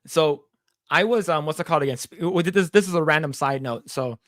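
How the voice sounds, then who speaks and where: A talkative man in his thirties, co-hosting a relaxed podcast and rambling through anecdotes. He acts out the other people's lines as he tells them. His voice sits a little high and is recorded close and dry. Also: fairly quick, no room sound. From United States. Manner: rambling storyteller who acts out quoted dialogue. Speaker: podcast co-host. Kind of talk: casual podcast chat.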